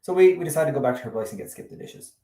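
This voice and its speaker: A man spins a casual story to camera with a lively, swooping delivery and dry sarcastic asides. His voice sits a bit back from the mic in a roomy, echoing space. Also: a little high, very fast, far from the mic. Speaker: real estate agent sharing a tip-of-the-week video.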